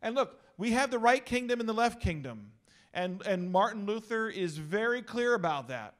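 A middle-aged male pastor giving an energetic, joking talk to a youth gathering. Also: high-pitched, normal speed.

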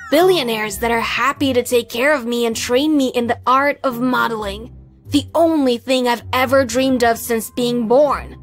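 A woman's voice: high voice, lightly acted. A woman voicing a vain, spoiled adopted daughter who works as a model, sneering and haughty. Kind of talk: animated story voice acting.

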